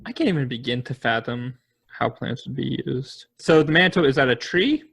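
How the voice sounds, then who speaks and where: A man with a gravelly, creaky voice co-hosts a casual history podcast. He muses and thinks aloud, offering guesses in relaxed conversation. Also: medium pitch, brisk. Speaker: podcast co-host.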